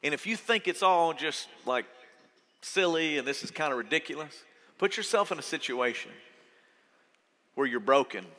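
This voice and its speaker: A man preaching a sermon as pastor, earnest and conversational, going from soft to loud. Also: fairly high pitch, lively intonation, moderate pace, pauses often. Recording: long reverb of a church hall.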